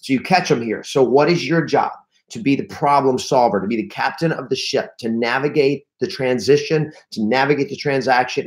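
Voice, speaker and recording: A man giving a lively live-streamed coaching talk to real estate agents, telling stories and acting out panicked reactions. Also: medium pitch, normal speed, hardly any pauses. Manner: energetic, storytelling, acts out panicked reactions; restarts and repeats words often.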